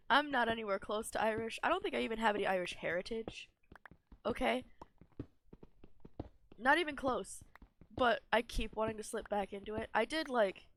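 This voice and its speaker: Gravelly young gamer rambling casually. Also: medium pitch, fairly bright tone, a little hiss or hum. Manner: rambling, self-deprecating, laughs often. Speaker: gaming streamer. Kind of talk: casual gameplay commentary.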